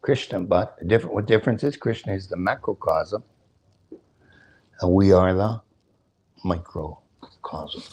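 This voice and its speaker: An older man delivers a sermon at a temple in a low, husky, somewhat dark voice, speaking unhurriedly and pausing often. He explains scripture, chants verses, and poses questions to his listeners. Between points he slips in jokes and chuckles now and then.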